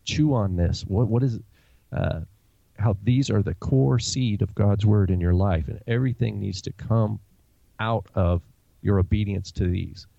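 A man's voice: on the low side, measured pace, creaky, dark tone, no room sound, lo-fi sound. A man from the Pacific Northwest, with its accent, teaching on a podcast and explaining scripture while thinking aloud with many fillers. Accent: Pacific Northwest American. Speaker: co-host.

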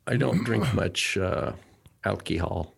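A man's voice: sits low, expressive, slow pace, creaky, breathy edge. A man co-hosting a casual talk show, hesitant and wry, with joking asides. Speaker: podcast co-host.

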